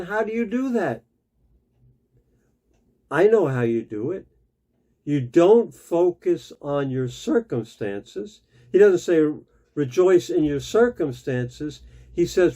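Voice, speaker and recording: A male pastor giving a devotional sermon, slow and emphatic, repeating key phrases. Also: on the high side, dark tone.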